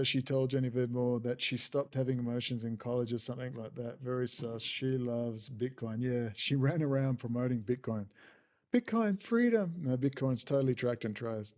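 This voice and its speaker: A man with an Australian accent delivering a profane, sarcastic, exasperated monologue as a political commentator. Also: a little high. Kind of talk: ranting monologue. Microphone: desk setup with bookshelf behind.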